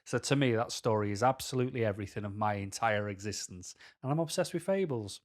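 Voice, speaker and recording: A man's voice: fairly low pitch, animated, quick pace. A man with a Mancunian accent talking candidly to camera as a vlogger, rambling through personal stories with tangents.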